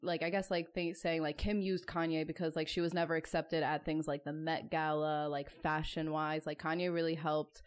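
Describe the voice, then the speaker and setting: A woman co-hosting a casual podcast chat, talking quickly with lots of slang and fillers. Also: low voice, level tone. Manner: fast, slangy, filler-heavy. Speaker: podcast co-host.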